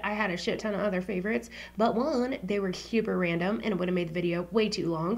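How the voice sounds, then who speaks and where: A woman's voice: medium pitch, a bit bright. A woman vlogging about her favorite beauty products in a casual, slangy chat, swearing freely and dropping into whispers for asides.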